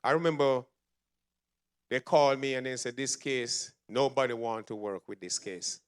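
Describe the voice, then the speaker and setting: A man giving a spoken testimony in a church, telling his story with animated storytelling. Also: medium pitch, moderate pace, smooth. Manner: animated storytelling, acts out quoted voices. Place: church sanctuary.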